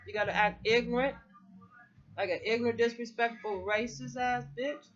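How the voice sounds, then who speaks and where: A woman's voice: a little high, fairly even intonation, normal speed. A middle-aged woman in a heated, profane, rambling rant to camera. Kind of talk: casual political rant to camera. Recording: muffled lo-fi recording.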